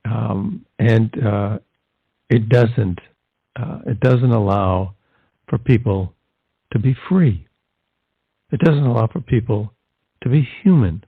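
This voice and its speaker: A man's voice: lowish voice, slow pace, gravelly, long pauses, slightly rough, dry recording. A man presenting as a Catholic evangelist, giving fervent podcast commentary full of rhetorical questions. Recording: tinny phone-like line, dry.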